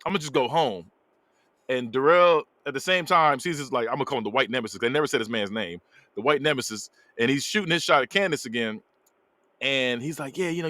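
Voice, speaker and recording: A man's voice: mid-range voice, pushed and bright, no room sound. A man casually recapping a movie plot on a podcast, acting out the characters' lines and laughing along. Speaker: podcast host. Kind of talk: casual movie review chat.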